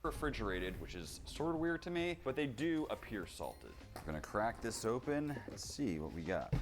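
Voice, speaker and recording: A man's voice: medium pitch, big pitch swings, moderate pace, soft background music. A man hosting and narrating a cooking video with a wry, understated delivery.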